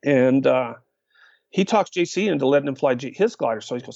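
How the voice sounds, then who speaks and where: An older man with a mid-range, slightly fry-tinged voice talks fairly quickly as a podcast guest, spinning lively stories, acting out quotes and dropping plenty of "uh" fillers. The recording is dry, with a dull lo-fi sound.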